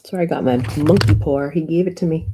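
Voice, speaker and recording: A woman's voice: low voice, fairly even intonation, fast, background noise. A woman hosting a livestream in casual chat, greeting viewers by name. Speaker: livestream host.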